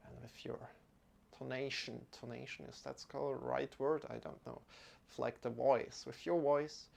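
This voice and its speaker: A man guiding a yoga class, giving gentle and unhurried instructions with soft asides. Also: mid-range voice, flat delivery, gravelly. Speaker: yoga teacher.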